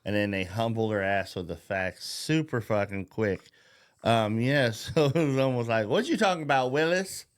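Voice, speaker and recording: A man's voice: lowish voice, moderate pace, clear, resonant tone. A man hosting a podcast in a casual political rant, profane and rambling, mocking, and laughing at his own jokes. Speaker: podcast host.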